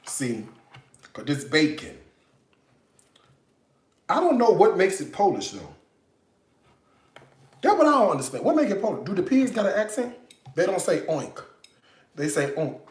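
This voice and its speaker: Playful chatty man in an echoey kitchen. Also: high-pitched. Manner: playful, chatty, teasing asides. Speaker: cooking show host. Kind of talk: casual cooking demo with jokes. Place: home kitchen.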